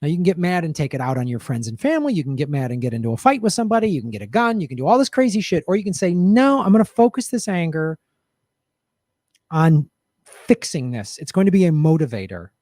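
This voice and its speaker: A man's voice: a little high, very animated, quick pace, a little mellow, dry recording, studio quality. A middle-aged man hosting a show, telling a personal story and giving blunt, profane commentary in a casual monologue. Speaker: podcast host.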